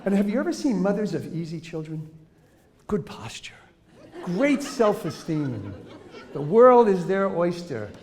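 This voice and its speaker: A man's voice: sits high, sing-song, measured pace, darkish tone. A man giving a humorous lecture to teachers on children's behavior, joking, laughing often and acting out examples.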